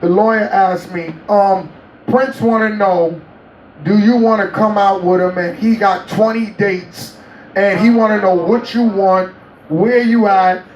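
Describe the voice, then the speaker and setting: High-voiced man, animated storyteller, laughs a lot, roomy distant sound. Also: measured pace, lo-fi sound, a little hiss or hum. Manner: animated storyteller, laughs often, acts out quotes. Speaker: interview guest. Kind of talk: storytelling interview.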